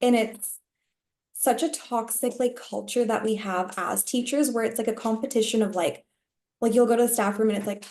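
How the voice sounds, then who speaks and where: A woman who used to be a teacher, talking casually on a coaching call and telling rambling, animated stories full of fillers. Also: fairly high pitch, normal speed. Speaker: coaching client, former teacher.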